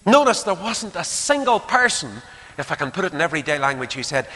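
Male preacher, lively swooping pitch, bright tone, long hall reverb. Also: a little fast. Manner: animated, acts out quotes, drops to hushed asides. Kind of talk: sermon.

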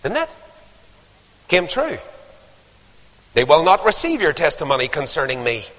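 A man preaching a sermon, telling stories with lively acted-out voices. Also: on the high side, measured pace. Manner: animated storytelling, acting out voices. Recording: long hall reverb.

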